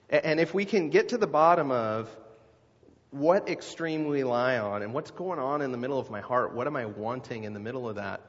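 A middle-aged man preaching a sermon as a pastor, talking in a conversational way and putting questions to the congregation. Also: medium pitch. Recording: dull sound with long hall reverb.

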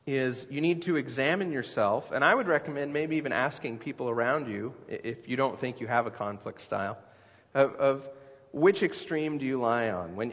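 A man's voice: mid-range voice, fairly bright tone. A middle-aged man preaching a sermon as a pastor, talking in a conversational way and putting questions to the congregation. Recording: dull sound with long hall reverb.

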